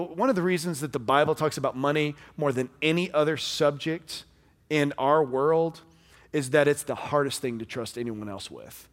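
Pastor preaching in a reverberant hall. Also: male voice, a little high. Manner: conversational preaching, shifting between loud and hushed. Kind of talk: sermon.

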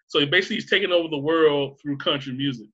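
Man, casual rambling chat, crude, sharp bright tone, dull lo-fi audio. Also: fairly high pitch, quick pace, breathy edge. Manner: rambling, laughs often, crude.

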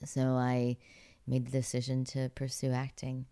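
A woman's voice: extremely low pitch, completely flat delivery, normal speed, mellow. A woman from Pittsburgh, an actress and former figure skater, telling stories as an interview guest in a chatty way, laughing often. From Pittsburgh, USA. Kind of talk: casual interview storytelling.

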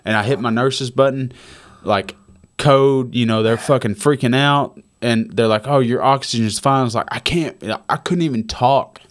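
A man's voice: mid-range voice, steady tone, moderate pace. A man, maybe in his thirties, telling a personal story in casual conversation. He swears and repeats himself for emphasis. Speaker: guest.

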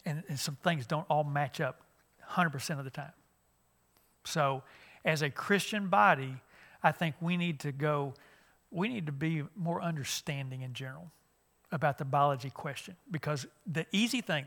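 A man's voice: on the high side, moderate pace, a bit bright. A middle-aged man, a youth minister giving a conversational church lesson with many fillers and restarts.

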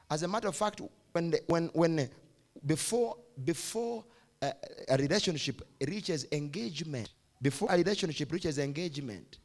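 Emphatic Ugandan pastor preaching. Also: male voice, on the high side. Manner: emphatic preaching, repeats key phrases. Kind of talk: sermon to a youth service. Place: church hall.

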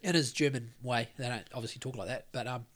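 A man's voice: mid-range voice, quick pace, a bit bright. An Australian man co-hosting a podcast, telling a long story in a rambling, sweary way with lots of restarts. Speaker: podcast co-host. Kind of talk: casual chat.

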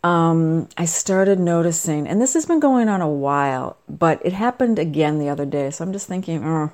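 A middle-aged woman rambling casually to the camera, chatty and self-deprecating. Her voice sits a bit low but swings up and down a lot, and she keeps drifting into side comments. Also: lively intonation, moderate pace, a little mellow. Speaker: vlogger.

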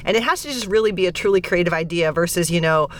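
A woman co-hosting a casual hockey podcast, playful and quick to laugh as she leads the segments. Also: fairly low pitch. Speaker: podcast co-host.

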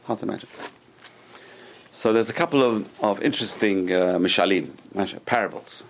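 A man's voice: fairly low pitch, normal speed, a little hiss or hum. A man teaching a religious class to a group, telling stories with restarts and acted-out quotes. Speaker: Torah teacher.

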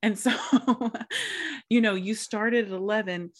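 A woman's voice: medium pitch, fairly even intonation, slow pace. A woman co-hosting a casual chat, telling long stories and laughing often. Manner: chatty storyteller, laughs often. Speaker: podcast co-host.

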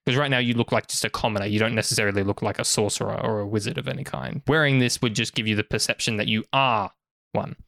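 A man's voice: fairly low pitch, fairly even intonation, fast, creaky, a bit bright, no room sound, clean studio sound. A man voicing an eager male clothing merchant with pushy sales patter. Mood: persuasive.

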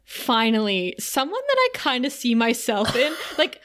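A woman co-hosting a podcast in a casual recap chat, retelling scenes with lots of laughter and animated energy. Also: fairly high pitch, moderate pace. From outside the United States. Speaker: podcast co-host.

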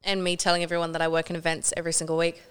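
A young woman with a smooth, clear voice tells a story on a casual podcast. She is animated, swears freely and acts out what people said. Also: on the low side, very fast. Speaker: podcast co-host.

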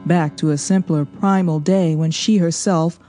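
A woman reads a novel aloud in a mellow, fairly low voice, steady and measured as she carries the story. Soft music hums faintly behind her narration. Her delivery stays even and unhurried. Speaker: audiobook narrator. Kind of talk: scripted narration.

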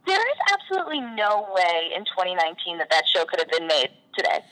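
A woman's voice: on the low side, big pitch swings, fast, background noise. A young woman from the Boston area, a guest actress, chatting candidly and laughing easily as she tells her stories. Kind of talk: casual interview chat.

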